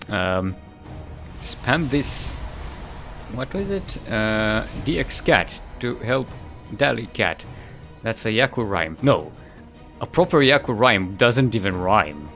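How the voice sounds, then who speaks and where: Rambling male game caster, lively low voice. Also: slow pace, faint music behind. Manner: rambling, self-correcting, chuckles often. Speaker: esports caster. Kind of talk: live game commentary.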